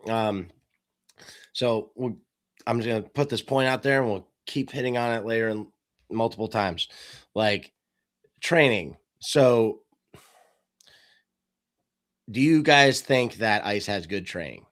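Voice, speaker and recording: A podcast host with a lowish voice leads a casual discussion at a measured pace. He tells stories with animation and acts out the lines he quotes.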